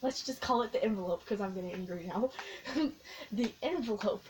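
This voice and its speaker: A young woman vlogging, telling a long, excitable story in a casual, rambling way with lots of giggles. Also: medium pitch, brisk. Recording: faint background noise.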